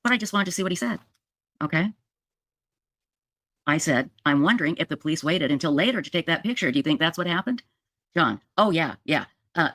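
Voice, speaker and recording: Middle-aged woman, storytelling monologue, animated quoted dialogue, dry close sound. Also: sits low, no echo. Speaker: true crime podcaster.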